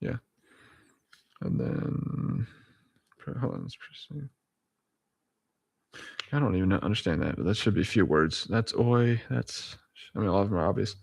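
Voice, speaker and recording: A man's voice: lowish voice, lively intonation, unhurried, vocal fry, pauses often, husky, no room sound. Chuckling man reading abbreviations aloud. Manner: chuckling often, self-correcting, rambling asides; spells out abbreviations letter by letter. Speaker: vlogger. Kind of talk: casual reading-aloud vlog.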